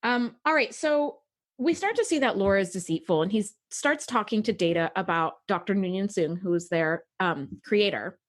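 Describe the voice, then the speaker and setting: Animated woman podcast co-host. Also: medium pitch, moderate pace. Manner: animated, acts out quoted voices. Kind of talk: casual chat about a TV episode.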